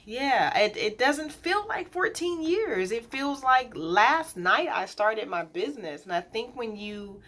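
Chatty bright-voiced woman vlogger. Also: a little high, sing-song, a little slow, hardly any pauses. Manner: chatty, candid, gets emotional, many fillers. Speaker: colon hydrotherapist and business owner. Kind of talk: casual vlog to viewers.

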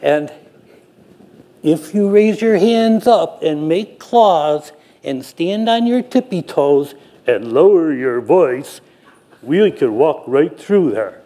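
An older man quoting a reassuring woman runner who guides a friend, speaking gently and instructively. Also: a little high, expressive, takes it slowly.

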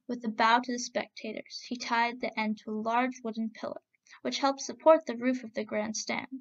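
A woman reads a folk tale aloud in a steady, expressive way. Her voice is slightly high and has a gravelly, creaky edge. The recording sounds dull and lo-fi. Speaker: storyteller. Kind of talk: storybook narration.

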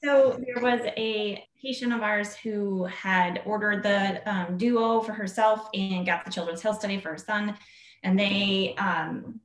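A woman telling a story casually to a group, acting out what people said in a higher voice. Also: steady tone, a little slow, echoey room, rough recording. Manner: chatty, acts out quoted speech in a higher voice. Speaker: team member sharing a story.

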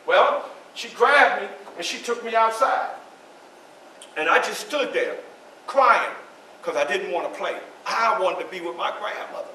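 A solemn first-person monologue unfolds in a library event room, where a male historical reenactor gives full character voice to a grave, earnest man who was once enslaved. Theatrical and expressive, he speaks unhurriedly in a bright, high voice and relies on emphatic repetition. The recording, made by a distant camera, is very echoey and carries a faint background hum.

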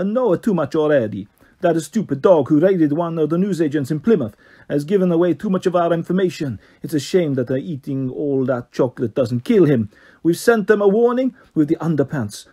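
A man's voice: a little high, lively intonation, mellow, husky. A man putting on an Italian-accented dog boss. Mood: menacing. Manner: firm, measured, menacing. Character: Italian-accented male dog gang boss, cold and commanding.

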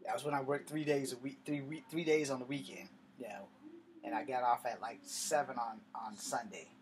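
A young man tells a stand-up story, animated and full of profanity. His voice sits at an ordinary middle pitch. A faint background hiss runs under him. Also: moderate pace. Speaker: comedian.

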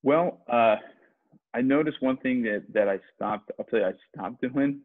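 A sales rep appears as a podcast guest in a casual conversational interview, rambling with many restarts. His medium-pitched voice comes through a tinny, phone-like line that's dry, with no room sound.

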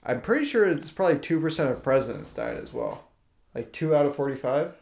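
A man's voice: fairly high pitch, brisk, reverberant. A man co-hosting a podcast, playful and teasing, reeling off stats and jokes in casual chat. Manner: playful, teasing, speeds up when excited. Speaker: podcast co-host.

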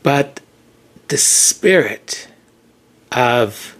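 A man hosting his own channel, speaking reflectively and pausing often, close to tears as he talks. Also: medium pitch, animated, fairly bright tone. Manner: slow, reflective, pausing to gather himself. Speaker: channel host. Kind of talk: emotional solo commentary.

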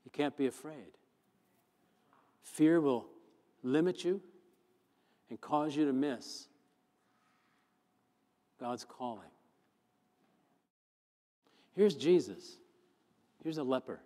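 A man, a pastor, preaching a sermon, moving from chatty storytelling to fervent, loud emphasis. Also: on the high side, animated, extremely slow, long pauses. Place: church sanctuary. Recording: long church hall reverb.

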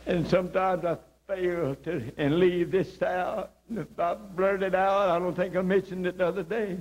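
Impassioned preacher, higher voice. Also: male voice, fairly even intonation, moderate pace. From South Georgia, US. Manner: impassioned storytelling, voice swinging high on emphasis. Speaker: evangelist. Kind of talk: sermon testimony. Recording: humming 1980s video recording.

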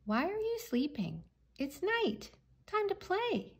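A woman doing squeaky excited squirrel kids. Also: takes it slowly, full character voice. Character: eager little squirrel children, high and excited.

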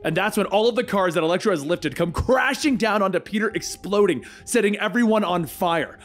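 A man narrating a comic book story in brisk recap style. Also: sits high, fairly bright tone, soft background music.

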